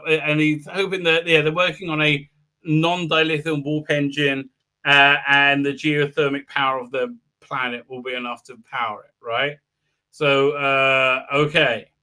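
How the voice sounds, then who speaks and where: Male host, slightly high, mocking crude humor, rambling recap full of uhs. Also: bright, forceful tone. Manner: sarcastic, crude jokes, many filler uhs. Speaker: YouTube host reviewing a TV episode. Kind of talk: casual live-stream recap with mocking asides.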